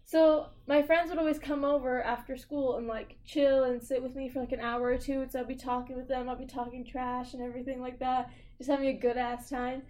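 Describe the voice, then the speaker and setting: A woman's voice: sits high, flat delivery, a little fast, few pauses, darkish tone. A young American woman in casual chat, laid-back and blunt, with many fillers.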